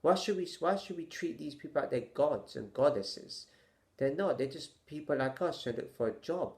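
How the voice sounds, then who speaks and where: A man vlogging his opinions to camera in a halting, stammering way, sighing with exasperation and firing off rhetorical questions. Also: on the high side, darkish tone.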